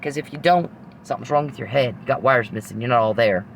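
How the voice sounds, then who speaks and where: A man's voice: mid-range voice, fast, vocal fry, slight background noise. A man hosting a podcast, ranting angrily and profanely straight at an adversary. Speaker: podcast host. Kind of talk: angry monologue.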